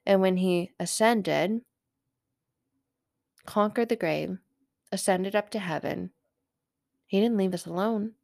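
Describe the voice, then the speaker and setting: A middle-aged woman and mother telling a personal faith story as a podcast host, rambling and animated and often correcting herself. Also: medium pitch, slow, creaky, long pauses, no room sound, clean studio sound.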